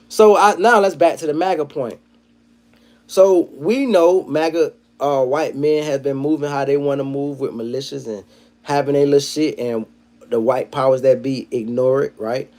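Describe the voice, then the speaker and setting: A man hosting a livestream, telling stories in a profane, animated commentary style and breaking into acted quotes. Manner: animated, profane storytelling, jumps into high-pitched acted quotes. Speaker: livestream host.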